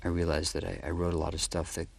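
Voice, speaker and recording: A man with a deep, low voice tells stories from making a film in a documentary interview. He speaks reflectively, with a faint hiss of noise under the recording. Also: flat delivery, fast, creaky, a little mellow. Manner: reflective anecdotal storytelling.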